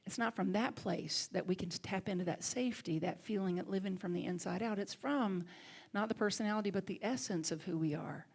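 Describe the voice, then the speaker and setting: Here a middle-aged minister from the South gives her sermon through spirited storytelling, with moments that fall to a soft whisper-like hush. She speaks at a medium pitch.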